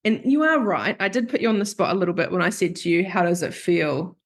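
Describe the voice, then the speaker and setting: A woman's voice: lowish voice, fast. A woman who hosts a podcast and works as a therapist, talking openly in a confessional, storytelling way. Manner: open, confessional storytelling that acts out remembered quotes. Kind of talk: candid podcast conversation.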